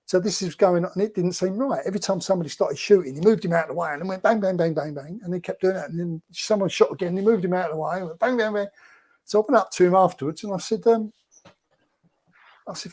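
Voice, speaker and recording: A man's voice: high voice, fast talker, a little mellow. A man telling anecdotes as a guest, chatty and rambling with lots of fillers. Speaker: guest, former film extra.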